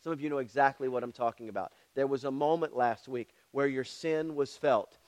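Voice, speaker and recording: A pastor preaches a sermon, telling Bible stories, acting out the voices in them, and checking in with the congregation through frequent "all right?" asides. His medium-pitched voice is steady, brisk, and a little mellow.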